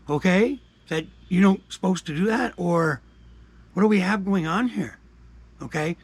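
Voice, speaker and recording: An older man from Canada ranting his opinions in a combative, profane way, dropping to mutters and rising to shouts. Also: high-pitched, dry recording. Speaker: commentary vlogger. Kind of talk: angry opinion rant.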